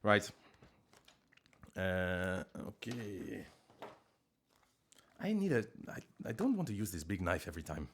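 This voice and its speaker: Male streamer, low lively voice, rambling and self-mocking, breaks into loud yelps. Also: takes it slowly, pauses often, slight background noise. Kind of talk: casual live-stream chat. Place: living room at home.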